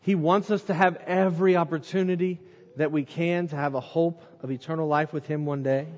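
A man preaching an evening sermon, emphatic, repeating words for stress and dropping to a low hush at the ends of phrases. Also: steady tone, brisk. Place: church sanctuary during an evening service. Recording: muffled recording with long hall reverb.

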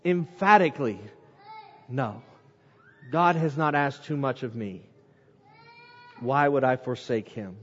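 A man's voice: animated, takes it slowly, long pauses. Emphatic preacher man in an echoing hall. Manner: emphatic, repeats words for stress, drops to a low hush at phrase ends. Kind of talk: sermon. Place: church sanctuary during an evening service. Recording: muffled recording with long hall reverb.

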